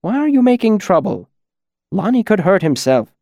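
Gentle, patient male caretaker, voiced by a man, murmuring soothingly in a raised, soft audiobook voice. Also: high voice, big pitch swings, normal speed, no room sound, pitched above the performer's own voice. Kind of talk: audiobook character voice.

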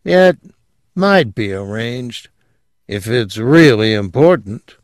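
A man voicing a nervous, gruff police technician with a thin, strangled voice who speaks haltingly. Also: medium pitch, very animated, no room sound, clean studio sound. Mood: nervous, hesitant. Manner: hesitant, halting.

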